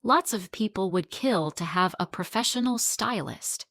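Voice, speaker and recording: A woman's voice: mid-range voice, animated, normal speed, a bit bright, no room sound. A woman voicing a demanding, dismissive young bride.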